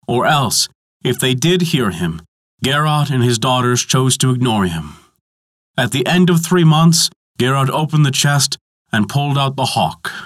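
A man narrating a mythology story in a measured, dramatic storytelling manner. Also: medium pitch, animated, a bit bright, dry recording, clean studio sound.

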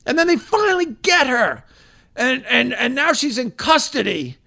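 A man's voice: extremely high pitch, big pitch swings, normal speed, vocal fry, bright, forceful tone. A middle-aged man hosting his own show, talking in a casual, rambling and profane monologue with emphatic swings. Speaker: podcast host, former shock jock radio host. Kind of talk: casual monologue reading social media posts.

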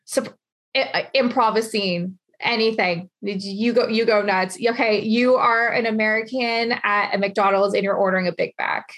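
Husky-voiced chatty woman host. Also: mid-range voice, fairly even intonation, moderate pace, a bit bright. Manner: bubbly, rambling talk. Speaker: interviewer, podcast host. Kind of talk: casual interview chat.

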